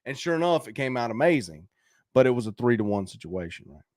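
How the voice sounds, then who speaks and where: A man's voice: mid-range voice, sing-song, fast talker, a little mellow, no room sound, clean studio sound. A man hosting a casual livestream, reacting to viewer videos in a brash, coaching way, swearing casually and laughing often.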